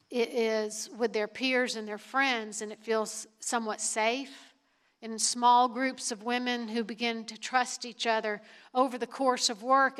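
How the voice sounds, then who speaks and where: Earnest woman speaker, bright clear voice. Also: a little high. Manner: earnest, warm storytelling with repeated emphasis. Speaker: priest and nonprofit leader, lecture guest. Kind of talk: live Q&A talk on stage.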